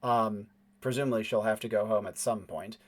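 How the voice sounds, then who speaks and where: A man's voice: on the low side, steady tone, normal speed. A man running a tabletop game as game master, narrating loosely with lots of fillers and laughing along.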